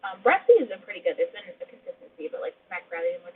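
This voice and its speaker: A woman's voice: lowish voice, big pitch swings, racing, few pauses. Chatty Midwestern woman, phone-like audio. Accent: Midwestern American. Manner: chatty, rambling, laughs often. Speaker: host. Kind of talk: casual livestream chat. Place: home. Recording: muffled phone-like audio with faint hum.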